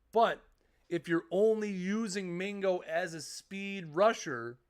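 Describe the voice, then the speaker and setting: A man streaming a video game, chatting casually and explaining his choices, often restarting and repeating phrases. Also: on the high side. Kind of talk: casual live-stream commentary.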